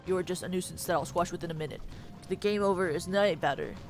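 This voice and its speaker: A woman reading out the lines of a huge, fat male monster guardian in a lowered, pompous and menacing voice while playing a game. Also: fast, faint music behind, lightly acted. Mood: gloating.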